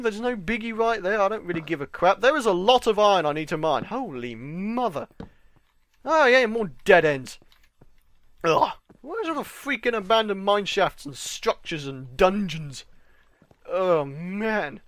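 A British man giving excitable let's-play commentary, yelling and pleading at game mobs and bantering with the creatures. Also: sits high, unhurried, no echo. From Britain. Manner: jokey running chatter with game creatures. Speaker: gaming channel host.

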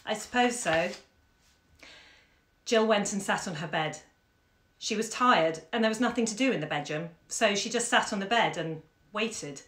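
A woman hosting a live-streamed story reading from home, chatty and expressive with fillers. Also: mid-range voice, normal speed. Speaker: bookshop owner and host. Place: home during lockdown. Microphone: phone camera. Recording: echoey room.

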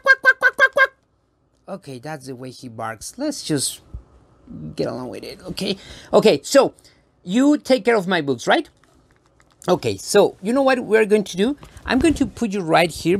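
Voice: medium pitch, dry recording. A children's performer telling a playful story straight to a young audience, teasing them and building suspense. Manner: teasing, makes a show of suspense; talks directly to an unseen audience.

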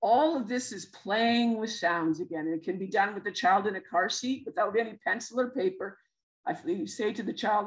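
A woman's voice: medium pitch, normal speed, rough recording. A woman with a Canadian accent presenting a literacy webinar, explaining step by step with many fillers and restarts. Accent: Canadian English.

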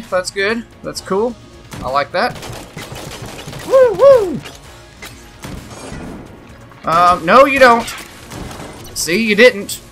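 A man giving excitable let's play commentary, yelping, swearing and cheering at the game as he plays. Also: fairly high pitch. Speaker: gaming channel host.

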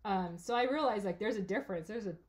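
A woman from California, a podcast guest in a casual interview, telling a story with lively energy and frequent laughter. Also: mid-range voice, fast. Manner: animated storyteller, acts out her own thoughts, laughs often.

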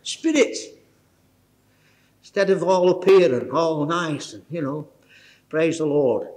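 Lively older preacher. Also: male voice, fairly high pitch, slow. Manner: exclamatory, chuckling, folksy storyteller. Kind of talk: informal sermon. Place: church meeting.

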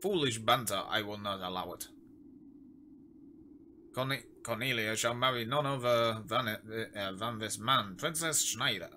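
A man's voice: mid-range voice, a little slow, bright, forceful tone, slight background noise. Man doing a pompous old-English stage king. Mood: commanding. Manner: theatrical mock-old English. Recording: game music underneath.

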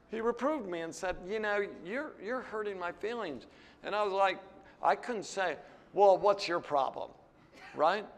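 An older American man teaching a classroom Bible lecture, candid and conversational, often checking in with "right?" and "you know". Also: big-room sound. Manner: lively, jumps higher when animated. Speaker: seminary teacher.

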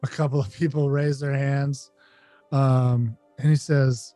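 A man narrating a tabletop game as game master, halting and restarting as he talks. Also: medium pitch, flat delivery, mellow, dry recording. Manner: halting, many fillers and restarts. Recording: dry close mic, faint music.

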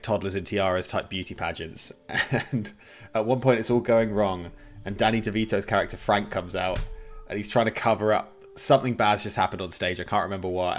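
A male streamer chatting casually while gaming and laughing often. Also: sits low.

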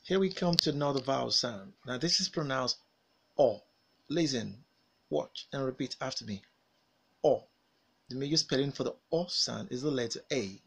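A man teaching a pronunciation lesson, saying vowel sounds and model words with careful, drawn-out articulation and pausing for learners to repeat after him. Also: mid-range voice, creaky, fairly bright tone, husky. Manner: over-articulated, drilled with pauses for repetition. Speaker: phonics teacher. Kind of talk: slow, deliberate pronunciation lesson.

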